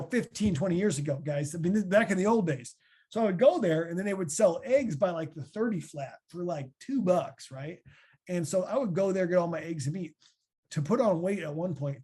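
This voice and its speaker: A man in his thirties with a Midwestern American accent, answering podcast questions as a former linebacker in a chatty, animated way. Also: on the high side, husky. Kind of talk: casual podcast Q&A.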